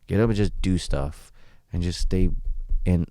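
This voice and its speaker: Low gravelly man, blunt and candid. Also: measured pace, no echo. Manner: blunt, swears freely, animated retellings. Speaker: podcast guest. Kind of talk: candid conversational storytelling.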